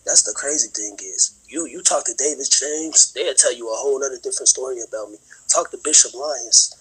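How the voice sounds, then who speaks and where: Young man interviewee, very raspy, bright tone, emotional, slow and earnest. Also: mid-range voice, poor audio. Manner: earnest, slow, sometimes whispery. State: emotional, near tears.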